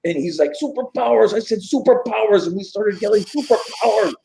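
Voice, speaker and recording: A man putting on an impression of a gruff older male actor with a Mexican accent, rambling and halting. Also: high-pitched, warm tone, voice pushed up. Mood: excited rambling.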